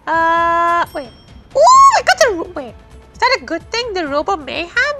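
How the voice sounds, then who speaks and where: A very high-pitched woman whose voice leaps all over the place as she plays a game, shrieking and laughing. She talks straight to the game and her friends. Loud music plays behind her. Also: wildly swooping pitch, normal speed. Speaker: gamer. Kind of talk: excited gaming commentary.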